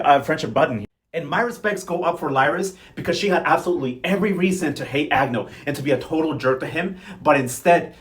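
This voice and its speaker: A man's voice: on the high side, fairly bright tone. A man recapping a soap opera in a casual, sassy, dramatic way, speaking with slang. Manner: sassy, dramatic, quick slangy gossip with playful cursing. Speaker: recap host. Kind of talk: casual comedic recap vlog.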